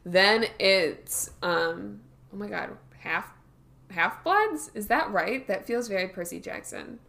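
A woman's voice: mid-range voice, animated, takes it slowly, creaky, pushed and bright. A woman co-hosting a podcast in casual discussion, agreeable and thinking aloud as she talks. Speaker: podcast co-host.

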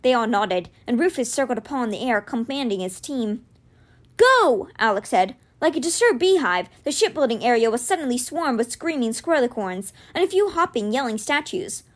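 A woman's voice: brisk, hardly any pauses. A woman reading a children's fantasy novel aloud, narrating expressively. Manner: expressive, voices dialogue with raised pitch. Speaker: reader.

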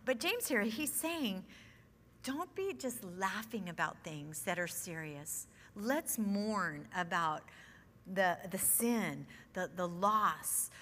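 A woman's voice: medium pitch, animated, slow pace, pushed and bright. A middle-aged woman teaching a women's Bible study in an earnest, conversational way. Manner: earnest, conversational, with nervous laughs. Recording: long hall reverb.

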